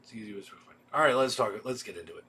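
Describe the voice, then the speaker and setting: A man's voice: on the low side, lively intonation, very fast, sharp tone, a little hiss or hum. A man hosting a casual livestream, reading off a list of titles with offhand asides. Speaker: video store host. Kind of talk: casual livestream product rundown.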